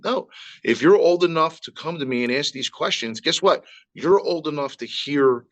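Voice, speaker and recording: A man's voice: fairly high pitch, expressive, normal speed. A middle-aged man, a guest on a podcast, speaking casually and emphatically in a straightforward way. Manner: emphatic, straight-talking, calls people "girl". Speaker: guest, family friend. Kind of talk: casual conversation.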